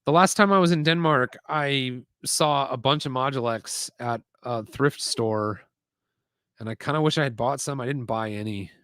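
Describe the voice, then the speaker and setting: A man in the middle of his range hosts a relaxed live build from his desk, chatting and rambling as he goes. He reads viewer comments aloud between thoughts. The sound is dry, with little room in it. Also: mid-range voice, normal speed, smooth, no room sound. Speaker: live-stream host building toy sets. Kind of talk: casual live-stream chat. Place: home desk setup with screens.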